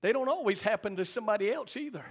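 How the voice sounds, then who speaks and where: In a church sanctuary, a fast-talking middle-aged preacher with a high, lively voice delivers his sermon. Storytelling carries his message, and he prompts the congregation to answer him with amens.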